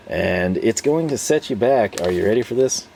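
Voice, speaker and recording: Man, tool reviewer, chatty and rambling, with a gravelly fry and a mellow tone. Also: lowish voice, expressive, moderate pace, a little hiss or hum. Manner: chatty and rambling, with frequent laughs. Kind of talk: casual product review.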